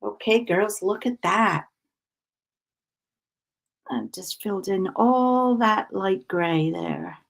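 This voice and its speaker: A woman's voice: medium pitch, slow pace, vocal fry, long pauses. A woman chatting casually while cross-stitching on a livestream, talking freely, laughing often and greeting viewers by name. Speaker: crafting livestream host.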